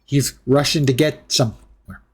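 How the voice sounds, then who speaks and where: A man's voice: medium pitch, steady tone, normal speed, breathy edge. Man giving wry gameplay commentary. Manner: chatty, wry asides and jokes. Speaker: streamer.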